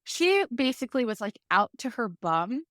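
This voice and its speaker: A woman guest on a podcast telling a personal story in a lively way, full of "like" fillers. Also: fairly high pitch, normal speed, dry recording, studio quality. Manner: lively, vivid retelling with many fillers like "like".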